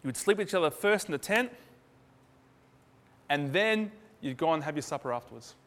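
A man's voice: a little high, expressive, fairly quick, fairly bright tone. A man preaching a sermon in a loose, conversational way, acting out little dialogues in different voices. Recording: hall reverb.

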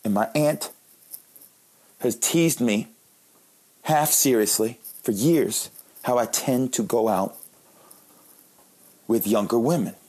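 A man's voice: medium pitch, slow, pauses often, darkish tone, breathy edge. A man in his late thirties, a comedian, telling joking, self-deprecating stories in a monologue. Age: late 30s. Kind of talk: comic storytelling monologue.

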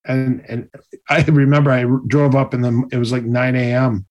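A man telling stories in a casual interview, animated and acting out the other people's voices. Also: mid-range voice, moderate pace, lo-fi sound. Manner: animated, acts out quoted voices. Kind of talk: casual storytelling.

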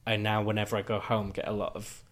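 A young man from Yorkshire with a softened Yorkshire accent, co-hosting a podcast in easy, chatty conversation. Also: lowish voice, fast talker. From Huddersfield, Yorkshire, England. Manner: chatty and animated, jumps into little acted-out exchanges. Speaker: podcast co-host. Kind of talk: casual podcast chat.

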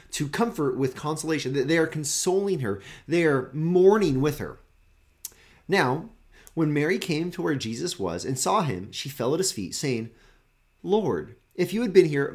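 A man in mid pitch delivers a devotional sermon as a pastor. He speaks earnestly, doubling back on words and restarting phrases as he works through a scripture passage.

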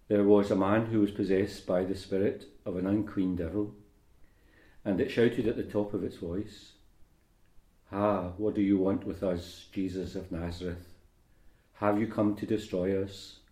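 Deep-voiced priest in echoey church. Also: male voice, warm tone. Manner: measured, unhurried delivery with fillers in homily. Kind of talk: liturgical reading and homily. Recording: roomy church echo.

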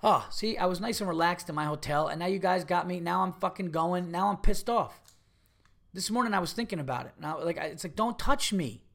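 A man's voice: sits high, brisk, creaky, a bit bright. A middle-aged man, a comedian hosting his podcast, telling a profane, heated story and repeating himself as he acts out what people said.

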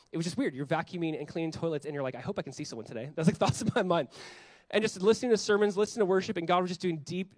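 A young adult male pastor delivers a sermon at a quick clip, his voice sitting a little higher than most men's. He talks conversationally and slips into quoted voices as he preaches. The sound is dry and close, with little room echo.

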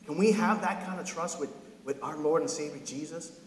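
A man's voice: on the high side, normal speed, slight background noise. A man in his thirties preaching a casual, joking sermon as a pastor, often checking in with his listeners. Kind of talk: conversational sermon. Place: church sanctuary. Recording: echoey hall with long reverb.

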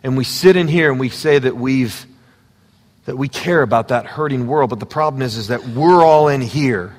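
A man preaching a sermon, moving between quiet, intimate asides and loud, fervent exhortation. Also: medium pitch, moderate pace, in a large hall. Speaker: pastor. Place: church sanctuary.

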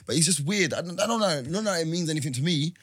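Relaxed London-accented male co-host, a bit high-pitched, dry close mic. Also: fast, husky, no room sound. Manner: laid-back, rambling, slangy. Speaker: podcast co-host. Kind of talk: casual chat.

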